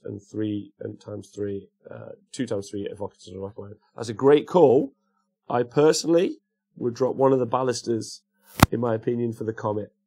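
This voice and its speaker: A man's voice: on the low side, a little mellow. A man hosting a casual livestream, rambling and chatting while greeting viewers by name. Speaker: livestream host. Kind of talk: casual chat reading live comments.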